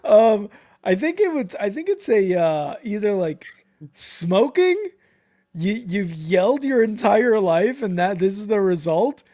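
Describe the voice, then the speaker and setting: High-pitched dude on a football stream, laughs a lot, cusses casually. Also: male voice, animated, measured pace, warm tone. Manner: laughs easily, swears casually. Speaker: co-host of a football live stream. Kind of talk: casual chat.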